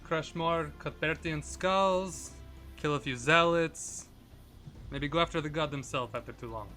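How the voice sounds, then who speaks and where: A man puts on a Russian-accented prisoner bent on revenge, blunt and menacing. His voice is bright and sharp, and music plays faintly behind him. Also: fairly high pitch, measured pace. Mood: vengeful. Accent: put-on Russian. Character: vengeful male zealot-hunting prisoner.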